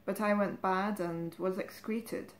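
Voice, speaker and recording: A woman playing an excitable self-important male author. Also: mid-range voice, slow pace, echoey room, lightly acted. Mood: exalted. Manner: grand, excitable, exclaiming.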